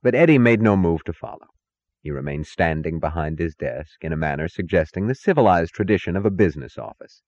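Male audiobook narrator, low voice, measured dramatic delivery, dull dry recording. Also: animated, darkish tone, dry recording. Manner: measured, dramatic reading with distinct character voices. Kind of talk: scripted narration.

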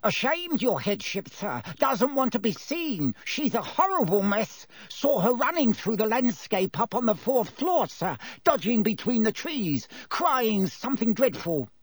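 A man's voice: high voice, sing-song, unhurried, hardly any pauses, husky, dry recording, pitched above the performer's own voice, full character voice. A man voicing a gleeful, mischievous male poltergeist in an audiobook, with an oily, sing-song delivery.

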